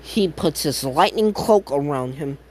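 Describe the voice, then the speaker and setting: A man improvising a fan-fiction tale out loud in a loose, rambling way. He keeps filling gaps with "uh", correcting himself in the middle of a sentence and dropping in casual curses. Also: a little high, animated, measured pace, slight background noise. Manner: rambling, lots of fillers and self-corrections, casual swearing. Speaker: fan storyteller.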